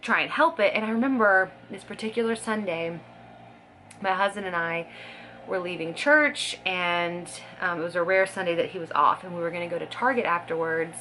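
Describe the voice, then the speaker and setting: A woman's voice: lowish voice, normal speed, bright, forceful tone, slight background noise. A woman in her thirties chatting casually to camera as a vlogger, talking in a scattered way with fillers and laughs. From Scottish heritage.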